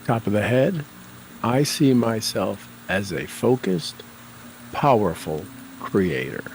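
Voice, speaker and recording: A man leading a guided tapping session, calling out tapping points and repeating affirmations with slow, deliberate coaching cues. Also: on the low side, sing-song, gravelly, a little hiss or hum, rough recording.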